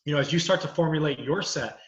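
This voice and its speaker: A man's voice: on the high side, fast talker, roomy sound, muffled recording. A man, a comedian and lawyer, chatting casually, rambling through stories with many filler phrases. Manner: rambling storytelling, many "you know"s. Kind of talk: casual chat.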